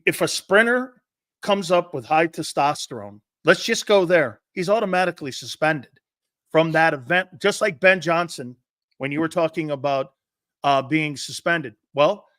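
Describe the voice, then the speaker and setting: A man's voice: a little high, animated, normal speed, fairly bright tone, no room sound, clean studio sound. Blunt, emphatic male sports-talk host. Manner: blunt, emphatic, says "man" often.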